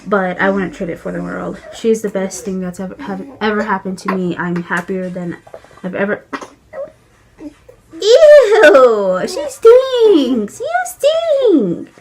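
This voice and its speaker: Young woman, new mother, chatty home vlog, middle pitch, light background hiss. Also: level tone, normal speed, creaky. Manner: chatty, many "like" fillers, coos in a high voice to her baby. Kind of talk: casual chat to camera. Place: at home, feeding her baby.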